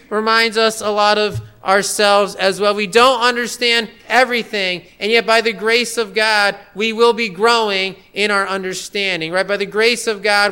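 A man's voice: high voice, pushed and bright, clear, resonant tone. A man preaching a sermon verse by verse, emphatic and repeating phrases for stress. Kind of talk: expository sermon.

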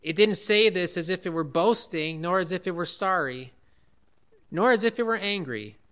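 A pastor preaching with an earnest, emphatic delivery, stretching out the words he wants to land. His voice is high for a man and bright and forceful. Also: smooth. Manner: emphatic, earnest, with slowed stresses. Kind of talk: sermon.

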